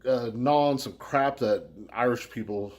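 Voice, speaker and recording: An American man chatting casually to his viewers in a loose, rambling way. He swears freely and fills his pauses with plenty of ums and uhs, and his voice sits at a mid pitch. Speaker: beer review vlogger. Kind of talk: casual shout-outs to viewers.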